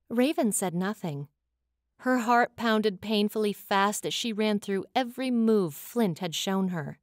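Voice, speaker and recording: A woman reads a fantasy audiobook with an expressive, dramatic lilt. Her voice sits at an ordinary middle pitch. The sound is dead dry and close to the mic. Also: unhurried, dry recording. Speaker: audiobook narrator. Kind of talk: scripted audiobook narration.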